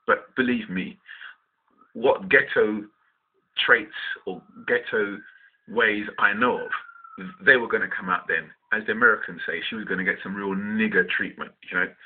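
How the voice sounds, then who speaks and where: Husky London man telling a blunt story. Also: on the low side, a little slow, pauses often. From West London. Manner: blunt and profane, talks in restarts. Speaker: vlogger telling a personal story. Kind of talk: casual storytelling. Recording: tinny phone-like sound.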